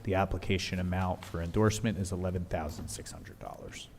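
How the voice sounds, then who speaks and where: A man's voice: sits low, steady tone, a little fast, creaky, a little mellow. A man presenting agenda items at a village council work session in a matter-of-fact way, with frequent fillers. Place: council meeting hall. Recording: reverberant hall with faint noise.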